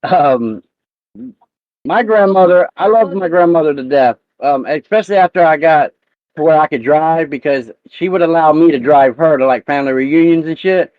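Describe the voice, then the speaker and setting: A man's voice: a little high, moderate pace, no room sound, narrow, tinny audio. A man hosting a live talk show, telling a profane family story in casual chat.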